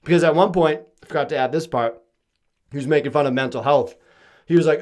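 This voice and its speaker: A man's voice: medium pitch, quick pace. A young man from Massachusetts, hosting a podcast in a casual comedic monologue, swearing freely and acting out quoted lines. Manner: profane, animated storytelling with mock-quoted voices. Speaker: podcast host.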